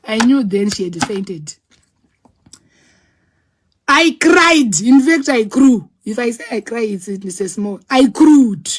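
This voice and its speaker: A woman telling her own story in a dramatic, animated way, acting out scenes with sound words. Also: medium pitch, moderate pace, hardly any pauses, husky. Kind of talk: personal storytelling.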